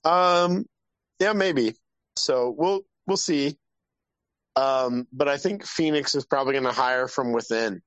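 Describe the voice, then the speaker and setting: A man's voice: medium pitch, takes it slowly, a bit bright, dry recording. Easygoing man hedging in sports chat. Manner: easygoing, hesitant, joking. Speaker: podcast co-host.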